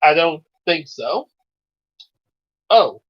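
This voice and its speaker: A man's voice: fairly high pitch, big pitch swings, very slow, lo-fi sound, exaggerated voice. A man doing offhand teens in a New York accent. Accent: New York (put on).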